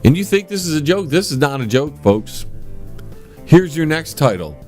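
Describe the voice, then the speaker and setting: A man's voice: a little high, sing-song, normal speed, a little mellow, faint music behind. A man hosting a comedy call-in radio show, playing the patient straight man.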